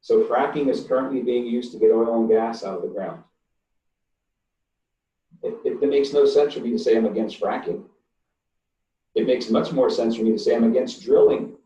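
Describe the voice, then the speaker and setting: A man's voice: medium pitch, mellow, reverberant, highs cut off. Older man, emphatic, distant call audio. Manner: emphatic and blunt, stresses words slowly. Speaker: engineering professor answering webinar questions. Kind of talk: online webinar Q&A. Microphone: computer mic on a video call.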